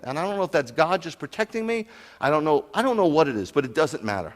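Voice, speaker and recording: A man preaching to his congregation, animated, telling stories and asking the crowd questions. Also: on the high side, quick pace. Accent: New York. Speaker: pastor. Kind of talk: sermon to a congregation.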